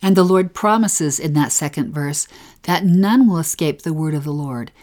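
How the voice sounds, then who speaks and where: Reverent woman with a very low voice. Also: warm tone. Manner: reverent, measured reading of scripture. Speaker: scripture teacher. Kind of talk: scripture discussion.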